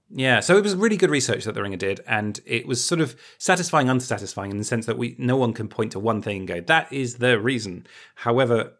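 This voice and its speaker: A man's voice: fairly low pitch, a bit bright. Thoughtful male podcast co-host. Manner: thoughtful, hedging, explanatory. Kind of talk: casual chat.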